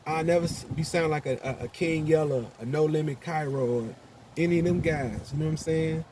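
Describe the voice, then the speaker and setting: A man's voice: on the high side, a little fast, darkish tone, slight background noise, rough recording. A man from Chicago talking casually to his viewers, laid back and slangy, often asking "you know what I'm saying". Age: older adult. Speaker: vlogger. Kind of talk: casual monologue to camera.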